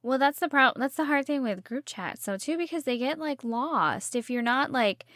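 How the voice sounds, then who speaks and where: Young woman, podcast co-host, playful banter, mid-pitched voice, dry recording. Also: lively intonation, moderate pace, fairly bright tone, no echo. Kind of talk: casual chat.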